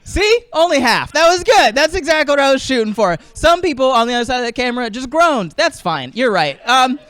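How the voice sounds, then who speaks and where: High-voiced comic, rambling. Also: male voice, very animated, fairly quick, fairly bright tone, clean tone. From American South. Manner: rambling, laughs at own jokes. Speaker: stand-up comedian. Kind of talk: stand-up comedy set. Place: small streaming studio.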